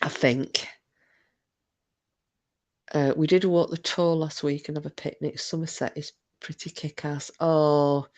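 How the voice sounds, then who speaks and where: A woman's voice: low-pitched, steady tone, measured pace, long pauses, darkish tone. A middle-aged woman, hosting a live stream and chatting casually with viewers, rambling and swearing freely. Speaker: livestream host reading chat.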